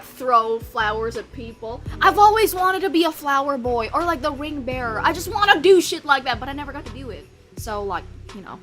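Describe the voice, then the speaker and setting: A woman's voice: on the high side, bright, forceful tone. A young woman streamer from the United States chatting casually with her live chat, bubbly, rambling and swearing as she mocks herself.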